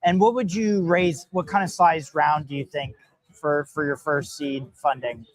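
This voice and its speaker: A man hosting a casual live-stream interview at a hackathon event, upbeat and chatty with quick reactions. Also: on the high side, fairly even intonation. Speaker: host.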